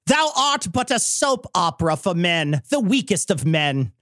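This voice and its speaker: A man's voice: sits high, very animated, a bit bright, dry recording, studio quality, heavily acted. A man putting on a pompous old-timey Shakespearean insulter. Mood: mock grandiose. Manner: mock-archaic, theatrical, drawn-out.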